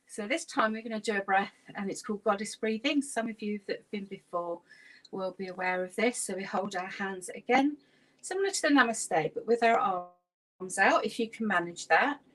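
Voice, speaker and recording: A woman, a laughter yoga leader gently guiding an online exercise class through stretches and breathing. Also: mid-range voice, moderate pace.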